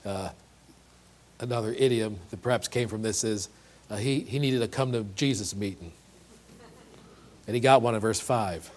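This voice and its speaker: A man's voice: lowish voice, moderate pace, long pauses, a little mellow. A man preaching a sermon, earnest and emphatic, often repeating and restarting words and asking rhetorical questions. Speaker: pastor.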